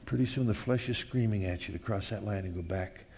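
A man preaching a sermon in a casual, conversational way, often asking the congregation questions, swinging from loud outbursts to hushed asides and acting out voices. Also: lowish voice, fairly quick, creaky, breathy edge. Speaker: pastor.

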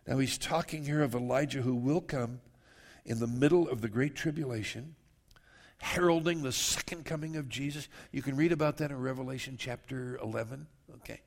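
A male pastor preaching a sermon in a mid-range voice with a gravelly edge. He talks earnestly and conversationally, often stopping to address his listeners directly. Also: medium pitch, fairly quick. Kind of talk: verse-by-verse sermon.

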